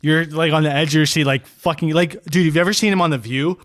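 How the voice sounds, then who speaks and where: A man co-hosting a podcast in casual chat, animated and swearing, laughing often. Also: on the high side, quick pace, dry recording, clean studio sound. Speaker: podcast co-host.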